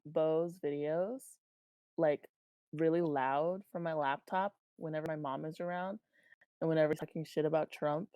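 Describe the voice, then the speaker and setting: A woman's voice: low voice, fairly even intonation, normal speed, dark tone, clean tone, no echo. A woman on a casual panel discussion who laughs often and reads out chat messages. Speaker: panel guest reading chat.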